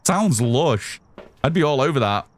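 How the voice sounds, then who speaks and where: This British streamer talks a little slowly, his medium-pitched voice expressive. He keeps up casual, chatty gameplay commentary, reading viewers' chat aloud and responding as he plays.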